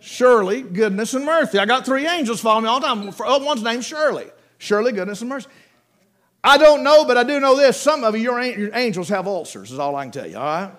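A man preaching a sermon, telling Bible stories, acting out the quoted voices and dropping to a hush for emphasis. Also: high-pitched, lively intonation, fast talker, hardly any pauses.

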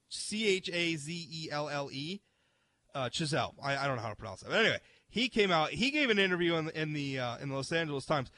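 A man's voice: a little high, bright, forceful tone. A man hosting a talk show, chatting casually about the news with frequent restarts and reading articles aloud. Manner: chatty, self-interrupting, reads articles aloud. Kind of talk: casual opinion chat.

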